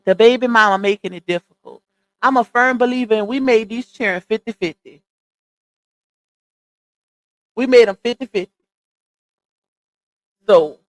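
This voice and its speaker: High-voiced, outspoken woman host. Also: fairly bright tone, dry recording. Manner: opinionated, emphatic, talks straight to viewers. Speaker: live stream host. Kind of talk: casual commentary livestream.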